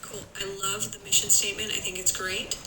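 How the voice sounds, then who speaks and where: A woman's voice: mid-range voice, level tone, a little fast. A woman dating coach chatting casually on a live stream, acting out dialogue in her stories. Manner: chatty, acts out dialogue in anecdotes. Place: room at home, streaming live. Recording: echoey room with loud background noise.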